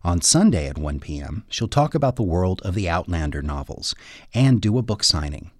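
A man radio host reading event announcements and an introduction in steady announcer style. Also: low-pitched, moderate pace, breathy edge, no room sound, clean studio sound.

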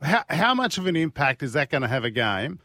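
A man's voice: a little high, sing-song, brisk, pushed and bright, dry recording. A man, a guest on sports radio, throwing in cheeky quips. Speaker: guest, former footballer. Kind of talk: casual sports chat.

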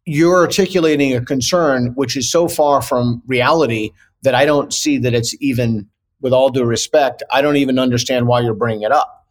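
A man's voice: mid-range voice, normal speed. A man answering as a guest in a video interview, earnest and argumentative, often restarting his sentences.

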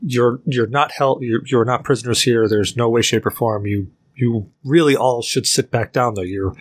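Man doing a kindly elf doctor, gentle, reassuring, a bit husky, tabletop game. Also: mid-range voice, steady tone, normal speed, natural voice. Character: kindly, well-dressed male elf doctor.

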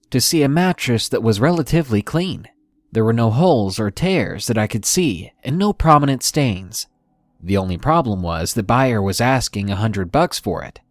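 A man hosting a podcast, reading horror stories aloud in a measured, deliberate storytelling manner. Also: lowish voice, animated, no echo, clean studio sound. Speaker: podcast host and narrator. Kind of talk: scripted horror story narration.

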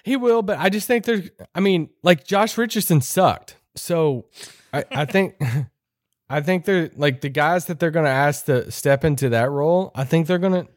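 A man's voice: on the high side, normal speed, no echo. A man co-hosting a podcast, chatting about basketball picks in a dry, sarcastic, laid-back way. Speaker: podcast co-host. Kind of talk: casual sports chat.

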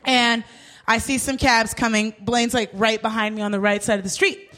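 A woman co-hosting a comedy podcast, telling a story in an animated way with plenty of swearing and acted-out voices. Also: a little high, normal speed. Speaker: podcast co-host.

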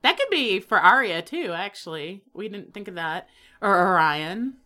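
A woman's voice: medium pitch, lively intonation, moderate pace, pushed and bright. A woman co-hosting a casual podcast chat, playful and jokey, laughing easily. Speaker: podcast co-host.

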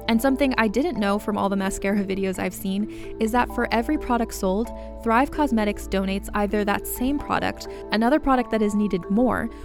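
A woman doing a friendly, conversational sponsor read. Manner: friendly, conversational product pitch. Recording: music bed under the voice.

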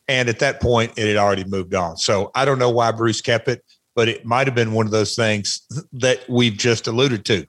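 A man's voice: medium pitch, moderate pace, a bit bright, no room sound. Tennessee-twanged man rambling on a podcast. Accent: Southern US, Tennessee. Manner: rambling, self-mocking, frequent restarts. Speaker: guest. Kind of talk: casual podcast chat.

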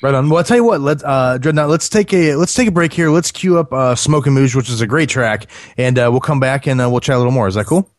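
A man hosting a music interview show, easygoing and halting, with many fillers. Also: medium pitch, dry recording, clean studio sound. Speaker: radio show host.

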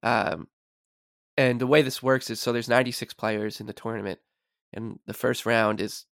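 A man's voice: medium pitch, steady tone, moderate pace, a bit bright, no room sound, clean studio sound. A man chatting as a guest on a casual sports podcast, rambling and stumbling over repeated words.

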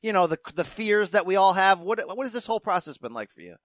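A man's voice: high-pitched, very animated, quick pace, a bit bright, no echo, clean studio sound. Upbeat joking male interviewer. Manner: jokey and upbeat. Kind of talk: casual interview.

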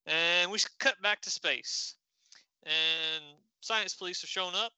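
A man co-hosting a podcast, recapping a comic with lively storytelling. His voice is very bright and sits a little high. The sound is close and dry. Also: slow, smooth, no room sound, low-quality recording. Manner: animated retelling. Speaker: podcast co-host.

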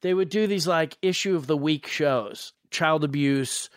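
Animated man telling stories. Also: a little high, a little slow, no echo, clean studio sound. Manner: animated, laughing anecdotes. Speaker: actor guest. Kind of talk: casual storytelling.

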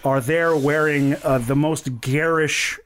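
A man narrating a tabletop game as game master, in a lively storytelling way. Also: a little high, takes it slowly, a little hiss or hum.

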